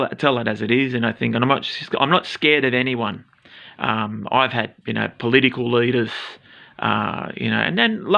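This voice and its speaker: A rambling Australian man in his forties speaks to camera with a gravelly, tense edge. He swears freely and drifts through fillers and restarts. The recording sounds dull and lo-fi. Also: medium pitch, sharp tone. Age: 40s. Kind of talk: casual address to camera.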